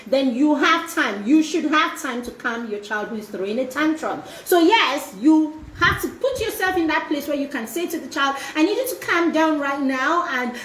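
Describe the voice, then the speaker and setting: High-voiced woman mentoring parents. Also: sharp tone, roomy sound, a little hiss or hum. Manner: repetitive, checking in with frequent tag questions. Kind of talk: live-streamed parenting talk.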